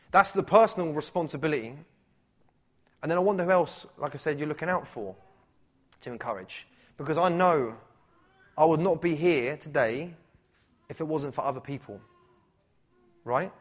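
A man preaching a sermon at a church service, talking conversationally and asking rhetorical questions. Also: on the high side. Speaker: pastor.

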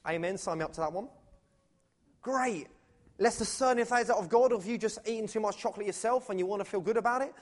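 Male pastor preaching, fairly high voice. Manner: animated and conversational, swinging from loud to hushed, with many rhetorical questions. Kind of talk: sermon. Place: church, before a live congregation.

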